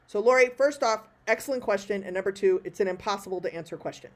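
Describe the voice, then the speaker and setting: A woman from Texas, chatting through an online Q&A in a self-deprecating way, full of quick asides, heard over a video call. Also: medium pitch. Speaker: professional speaker answering audience questions. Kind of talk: live online Q&A talk.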